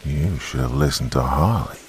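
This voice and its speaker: A man voicing a mocking demonic shadow creature with a childlike male voice, speaking in slow, drawn-out whispers. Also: very deep voice, slight background noise. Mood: bitter commanding.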